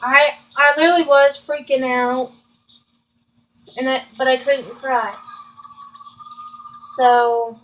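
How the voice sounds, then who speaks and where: A woman's voice: sits high, steady tone, slow, pauses often, a bit bright, poor audio. A young woman venting in rambling, frustrated casual chat while she plays a video game. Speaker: vlogger.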